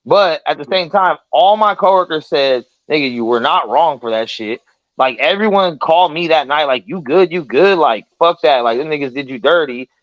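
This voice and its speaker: A podcast host on a casual talk show tells a story in an animated, profane way, acting out the voices of the people in it. His voice is fairly high and his pace moderate. The recording is dry with the highs cut off.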